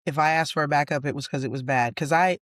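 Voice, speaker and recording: A woman, a retired deputy hosting a podcast, telling on-the-job stories in a steady, matter-of-fact way. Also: deep voice, quick pace, no room sound, studio quality. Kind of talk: casual storytelling chat.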